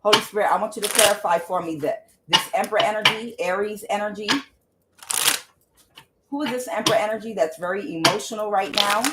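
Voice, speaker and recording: A woman's voice: medium pitch, fairly quick, very noisy. A woman doing a casual tarot reading, speaking bluntly with swearing and calling on the Holy Spirit as she goes. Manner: talks aloud to the Holy Spirit, blunt and profane. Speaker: tarot reader.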